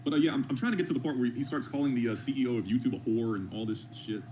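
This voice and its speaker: A man's voice: medium pitch, rapid-fire, warm tone, slight background noise, rough recording. A man commenting on clips, mocking the speaker with sarcasm and swearing. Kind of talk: reaction commentary.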